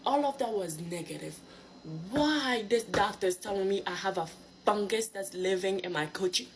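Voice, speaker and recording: A woman's voice: medium pitch, moderate pace. A woman tells a personal story to the camera, blunt and exasperated. Her voice sits mid-range. A faint noise runs underneath.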